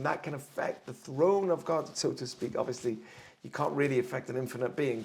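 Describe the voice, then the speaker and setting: Middle-aged male rabbi, earnest teacher, higher gravelly tone. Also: a little mellow. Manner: earnest, explains with everyday examples. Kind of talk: torah class talk.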